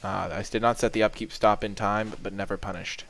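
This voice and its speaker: A man's voice: fairly low pitch, little pitch movement, brisk, fairly bright tone, slight background noise. A man giving live commentary on a card game he is playing. He chats to the game and his opponent, and he breaks into melodramatic outbursts when his luck turns. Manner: chatty, talks to the game and opponent. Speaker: card game video creator.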